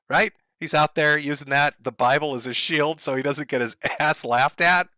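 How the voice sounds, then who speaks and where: Snarky guy doing a sweary roast commentary, bright punchy voice, dry no-room sound. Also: on the high side, normal speed, few pauses, no echo. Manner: sarcastic, profane, laughs at his own jokes. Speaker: online commentator. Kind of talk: mocking commentary.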